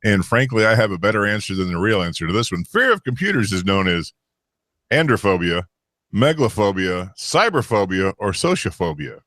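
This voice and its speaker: A man co-hosting a casual podcast, reading out quiz questions in an animated way, swearing and laughing often. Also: fairly low pitch, fairly quick. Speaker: co-host running a quiz. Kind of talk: casual banter.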